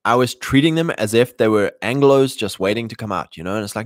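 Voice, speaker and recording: A man's voice: fairly low pitch, brisk, few pauses, dry recording, clean studio sound. A man hosting a podcast, talking in a casual, rambling monologue with many restarts and mocking put-on voices.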